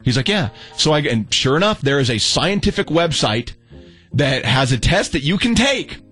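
A young adult man telling a story in casual chat, animated and acting out the quotes, with many restarts. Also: on the high side, moderate pace, faint music behind. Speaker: storyteller guest.

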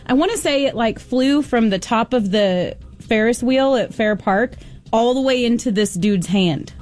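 A woman's voice: fairly high pitch, a little slow, a little mellow. A woman co-hosting a casual radio show with an enthusiastic, chatty manner. Faint music plays beneath her voice. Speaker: radio co-host.

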